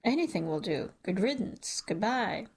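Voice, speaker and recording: A woman reading a first-person novel aloud in a measured, wry storytelling manner. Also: medium pitch, expressive, darkish tone, breathy edge. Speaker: audiobook narrator. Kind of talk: first-person audiobook narration.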